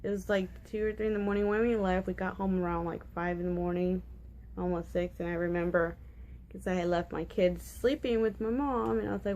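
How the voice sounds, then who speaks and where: A woman's voice: fairly low pitch, steady tone, brisk, darkish tone, a little hiss or hum. A woman in her twenties telling a personal story in a casual vlog, rambling and candid, full of fillers and restarts and prone to giggling. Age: 20s. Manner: candid and giggly about awkward details. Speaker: vlogger.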